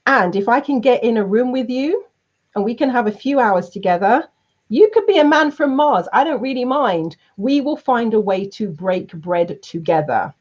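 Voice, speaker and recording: A woman with a fairly high voice tells her story with energy, acting out the voices of the people in it. The recording is dull and lo-fi and has a muffled top end. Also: moderate pace. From South London, England. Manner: lively, acts out quoted voices. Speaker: guest speaker and trainer. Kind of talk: animated storytelling in an interview.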